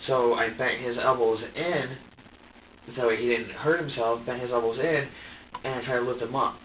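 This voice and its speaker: A man being questioned by police, talking in halting bursts, repeating words and swearing as he quotes himself. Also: mid-range voice, steady tone. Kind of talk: police interrogation recording. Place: interrogation room. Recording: roomy, distant, dull with hiss.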